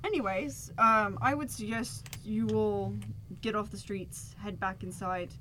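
A gruff town guard captain in his sixties, blunt and suspicious, barking at strangers in a tabletop adventure, as a woman game master voices him. The voice sits at an ordinary middle pitch with a slight hiss of background noise. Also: fairly even intonation, a little slow, bright, forceful tone. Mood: grudging. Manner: blunt, suspicious, barks orders. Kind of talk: tabletop role-play acting.

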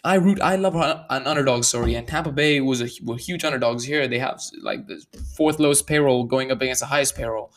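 A man giving casual sports commentary as a baseball analyst, getting worked up as he stresses numbers and restarts his sentences. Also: medium pitch. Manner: restarts sentences, fast and slow bursts.

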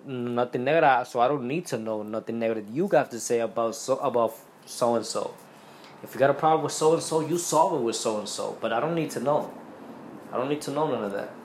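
A man talks through his spiritual views on a podcast, earnest and rambling, often restarting his sentences. His voice sits at an ordinary middle pitch. The room is echoey, with a faint hum behind him. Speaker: podcast host. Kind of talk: casual spiritual monologue.

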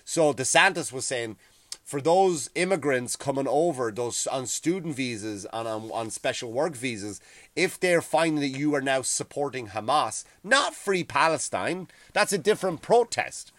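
A middle-aged man with an Irish accent, hosting a profane, heated ranting monologue that grows loud and high when he gets worked up. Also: expressive, moderate pace, no room sound. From Ireland. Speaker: podcast host.

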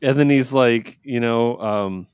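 A man's voice: medium pitch, slow pace, smooth, dry recording, muffled recording. A man co-hosting a casual comic review podcast, laughing often and acting out lines from the books. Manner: animated, acts out quotes, laughs often. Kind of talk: casual chat.

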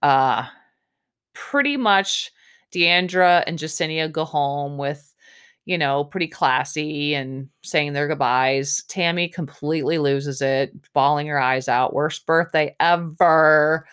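Woman, young adult, low pitch, casual, snarky, opinionated, podcast recap. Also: slow pace, a bit bright, clear, resonant tone. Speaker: podcast host. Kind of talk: casual reality show recap.

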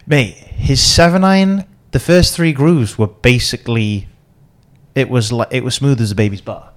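A man tells stories in a loose, chatty podcast, acting out the people he quotes. His delivery is animated and laughs come easily. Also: medium pitch. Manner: animated storyteller, quick laughs, acts out quotes. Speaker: podcast co-host and caddie. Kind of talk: casual storytelling chat.

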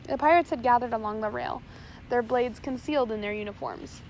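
A woman's voice: fairly high pitch, brisk, a little mellow, a little hiss or hum, rough recording. A woman narrating an adventure story aloud, reading steadily with occasional slips and restarts.

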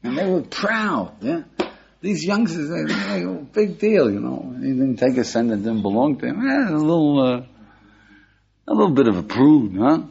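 An older American man, a rabbi, giving a lively class and checking in with his listeners with a steady "yeah?". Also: fairly high pitch, moderate pace, vocal fry, slight background noise. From United States. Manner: animated, questioning the audience, frequent "yeah?". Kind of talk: lively Torah class lecture. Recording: dull lo-fi lecture recording.

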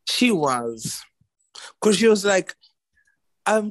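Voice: mid-range voice, big pitch swings, normal speed. A podcast co-host in campy, playful casual chat about a TV show.

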